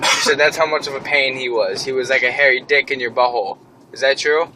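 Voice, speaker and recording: A man's voice: mid-range voice, fairly even intonation, fast, background noise. A man bantering with a friend inside a car, teasing him with prodding questions. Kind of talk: casual improvised banter.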